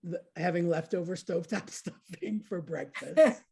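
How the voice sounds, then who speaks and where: A woman in her thirties telling a story in casual chat, lively and laughing, jumping into high voices to act out quotes. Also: moderate pace, gravelly, a little hiss or hum. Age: 30s.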